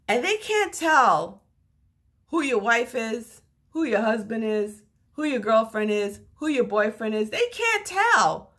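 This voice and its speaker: A middle-aged woman shares relationship advice in a casual monologue. Her voice is slightly husky, and her pitch rises and falls freely as she tells her stories. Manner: animated storyteller with lively pitch swings.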